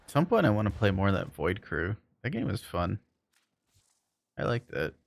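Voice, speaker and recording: A man's voice: fairly low pitch, huge pitch swings, moderate pace, creaky, no echo. A man streaming a game, chatting casually with viewers in a laid-back, joking way and chuckling often. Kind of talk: casual chat while playing and reading chat.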